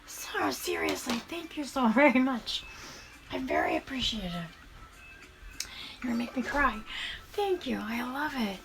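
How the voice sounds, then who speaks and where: A woman streaming as she paints shoes, chatting casually and thanking viewers in a soft, often half-whispered voice. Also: a little high, wildly swooping pitch, unhurried, pauses often, faint music behind. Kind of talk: casual live-stream chat while painting.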